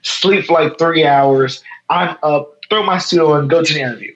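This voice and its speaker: A man from Chicago's South Side in his thirties, speaking as a guest on a casual interview. He tells a story with energy, acting out the quotes as he goes. The recording is a bit dull and lo-fi. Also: a little high. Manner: animated, fast storytelling with quoted dialogue. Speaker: guest, photo editor.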